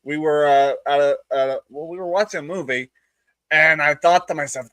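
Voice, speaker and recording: Guest storyteller, male, higher-than-usual voice, playful and laughing, dry close sound. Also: brisk, a bit bright, dry recording. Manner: laughing, playful, jumps into high squeaky voices for quotes. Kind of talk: casual storytelling.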